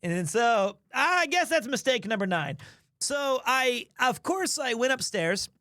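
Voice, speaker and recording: A man's voice: very high-pitched, big pitch swings, measured pace, pushed and bright, no echo, studio quality. A man streaming, telling a funny story in a rambling, self-mocking way. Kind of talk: casual storytelling.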